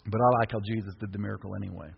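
Husky-voiced man preaching with fervor. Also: lowish voice, steady tone, very fast. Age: around 50. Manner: impassioned preaching, bursts of shouting. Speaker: pastor. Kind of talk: sermon. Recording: echoey hall, dull lo-fi sound.

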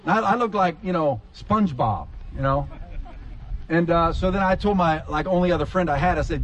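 A male pastor preaching in a fairly high voice, telling stories with lively acted-out moments. A faint hum of ambient noise sits under his voice. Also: brisk, highs cut off. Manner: animated storyteller, acts out scenes with big pitch jumps. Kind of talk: sermon with personal storytelling.

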